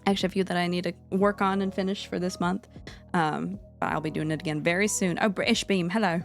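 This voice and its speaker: A woman's voice: lowish voice, steady tone, fast talker, gravelly, soft background music. A woman streamer talking casually and playfully as she critiques her own art, poking fun at herself. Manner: chatty, playful, self-deprecating. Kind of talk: casual live-stream commentary.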